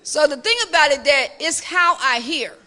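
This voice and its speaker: A middle-aged woman with a Chicago accent, the pastor's wife, answering questions in a lively, animated way in a church discussion. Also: sits high, normal speed. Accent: Chicago African American English. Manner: lively, animated storytelling with laughter.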